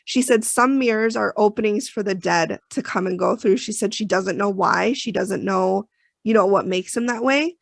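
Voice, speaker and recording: Woman podcast co-host, gravelly mid voice, chatty and emotional. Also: mid-range voice, normal speed, no room sound. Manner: emotional, chatty, many fillers and restarts. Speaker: podcast co-host recapping an episode. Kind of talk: casual chat.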